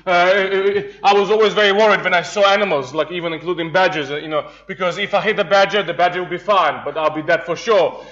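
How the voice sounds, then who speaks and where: A man's voice: sits high, brisk, hardly any pauses, a bit bright. A man from Serbia, preaching a humorous sermon, telling jokey stories with laughs and many restarts. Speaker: pastor. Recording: dull lo-fi sound.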